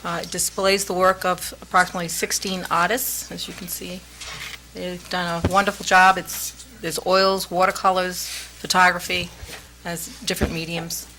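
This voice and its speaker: A woman's voice: fairly low pitch, flat delivery, normal speed, bright, forceful tone, a little hiss or hum, rough recording. A woman council member giving an event announcement at a meeting, repeating the key details plainly. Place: town hall council chamber.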